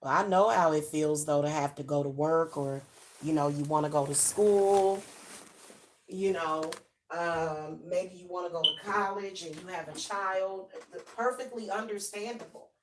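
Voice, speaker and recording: A woman's voice: on the low side, measured pace, a little hiss or hum. A middle-aged woman, giving frank advice to parents in a chatty way, full of fillers and restarts. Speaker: channel host giving advice. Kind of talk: casual advice talk to camera.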